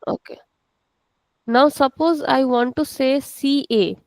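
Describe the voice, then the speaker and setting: Indian woman teaching a class on a video call, kinda high and gravelly voice, dry sound, keeps asking if it's clear. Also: fairly even intonation, slow, a little mellow, dry recording, low-quality recording. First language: Hindi. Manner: patient, checks in often with students. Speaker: language teacher. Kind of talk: online class lecture.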